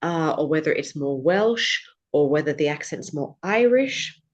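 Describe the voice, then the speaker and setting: A woman from England, a podcast guest talking in a relaxed, reflective way. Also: low-pitched, a little slow, dull audio. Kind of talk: casual interview chat.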